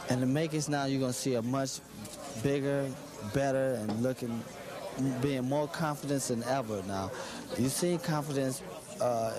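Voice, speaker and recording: A man, a boxer being interviewed, answering in a halting way, repeating and restarting phrases. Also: medium pitch.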